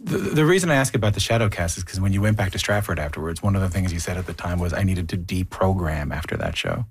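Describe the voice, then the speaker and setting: Low-voiced male radio host. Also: lively intonation, quick pace, breathy edge. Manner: conversational, lightly joking. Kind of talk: radio interview and show promo.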